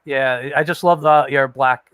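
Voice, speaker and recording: A man's voice: medium pitch, steady tone, unhurried, a bit bright, clean tone, no echo. A man hosting a casual chat, giving short encouraging responses. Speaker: show host.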